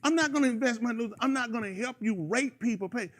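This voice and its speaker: A man hosting a radio show, ranting in an animated, rambling casual chat. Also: very high-pitched, fast.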